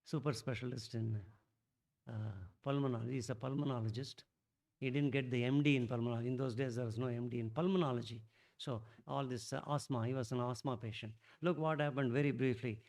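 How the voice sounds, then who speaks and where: A middle-aged man, telling a devotional story at a satsang in a rambling, animated way, restarting often and bursting out louder. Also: medium pitch, quick pace. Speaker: satsang speaker.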